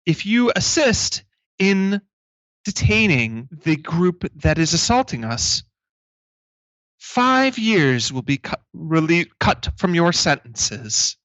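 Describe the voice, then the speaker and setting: A man voicing a male robot overseer making a slow, deliberate announcement over a prison paging system. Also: a little high, big pitch swings, fairly bright tone, no room sound, lo-fi sound, full character voice. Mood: commanding. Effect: overhead paging system.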